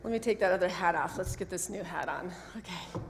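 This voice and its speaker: A woman's voice: on the low side, fairly quick, gravelly, slight background noise. A woman associate minister giving a casual sermon talk in a church, chatty and full of friendly asides. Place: church sanctuary. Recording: long echo of a church hall.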